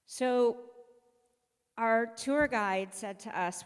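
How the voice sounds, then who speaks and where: A woman's voice: mid-range voice, a little slow. A woman rabbi giving a sermon as personal storytelling, conversational, acting out the voices of people she quotes. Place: synagogue sanctuary. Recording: long reverb of a large hall.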